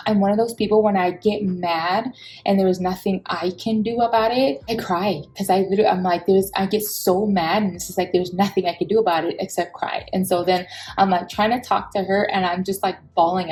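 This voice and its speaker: A woman, telling a personal story in an expressive, heated vlog style and acting out the people she quotes. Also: mid-range voice, rough recording.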